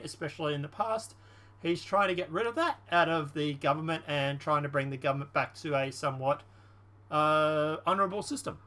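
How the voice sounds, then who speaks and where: A man's voice: a little high, bright, forceful tone. A man casually commenting on politics in a rambling, slangy vlog. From Australia. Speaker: channel host.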